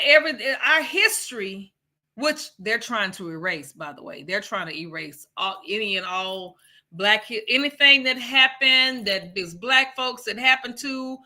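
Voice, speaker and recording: A woman's voice: medium pitch, pushed and bright. A woman from Texas co-hosting a casual livestream podcast, talking in a rambling way and speaking to viewers. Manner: rambling and conversational, loses her thread and talks to viewers. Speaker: podcast co-host.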